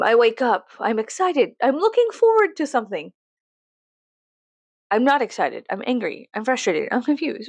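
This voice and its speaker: A woman's voice: on the high side, very animated, measured pace, vocal fry, long pauses, dry recording. A woman, venting profanely and animatedly in a story-time vlog. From Texas, USA. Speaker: vlogger.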